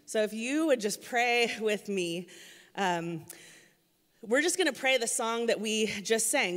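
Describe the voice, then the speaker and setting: A woman's voice: on the high side, lively intonation, a little slow, a bit bright, long reverb tail. A woman giving a casual church sermon from the stage, telling chatty, self-deprecating stories with many fillers. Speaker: guest speaker filling in for the pastor.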